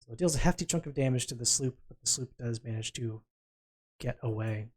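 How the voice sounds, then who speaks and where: A man acting as game master, calling for dice rolls and narrating what happens. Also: medium pitch. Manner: brisk, calls for dice rolls and narrates results.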